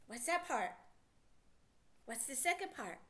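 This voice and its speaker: Bright, lively woman teaching phonics. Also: sits high. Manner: encouraging, asks many questions; sounds out words slowly. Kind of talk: children's phonics lesson.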